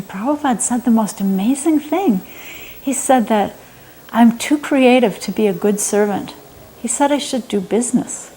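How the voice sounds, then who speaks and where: A woman's voice: medium pitch, dark tone, low-quality recording. A woman thoughtfully recalling a memory of her teacher and what it taught her. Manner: thoughtful, searching for words. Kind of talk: reflective reminiscence.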